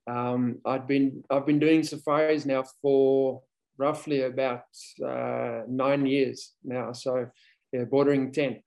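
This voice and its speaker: A man's voice: medium pitch, little pitch movement, slow pace, vocal fry, a little mellow, lo-fi sound. A man raised in South Africa, a safari photo guide, talking as a guest in a casual interview with many fillers and restarts.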